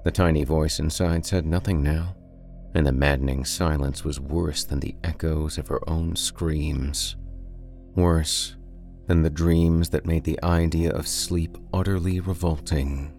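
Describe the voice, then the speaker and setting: Man, very deep voice, gravelly, dark deliberate horror storytelling, faint music behind. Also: fairly even intonation. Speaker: podcast storyteller. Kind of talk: dramatic horror story narration.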